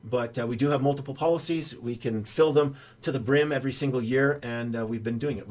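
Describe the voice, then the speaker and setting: Older guy chatting about finances, folksy and rambling, lots of uhs. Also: mid-range voice. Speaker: financial adviser. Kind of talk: casual explainer talk.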